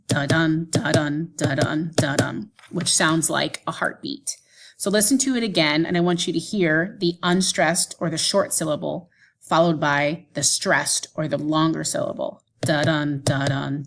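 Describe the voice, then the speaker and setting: Patient woman teacher with a low voice. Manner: clear, patient explaining, tapping out rhythms aloud. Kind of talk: classroom video lesson.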